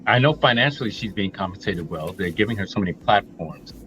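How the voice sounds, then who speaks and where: A man's voice: lowish voice, lively intonation, a little fast, a bit bright, rough recording. A middle-aged man co-hosting a reaction talk, emphatic and blunt, laying out his points one by one. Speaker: co-host. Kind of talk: opinionated reaction commentary.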